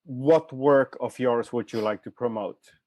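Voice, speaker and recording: A man's voice: medium pitch, unhurried, a little mellow. Finnish-accented male podcast host. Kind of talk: interview.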